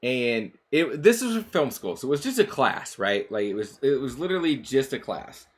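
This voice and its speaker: A man's voice: medium pitch, very animated, moderate pace. A man streaming a game, chatting casually and rambling, with lots of swearing, fillers and restarts. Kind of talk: casual chat while gaming.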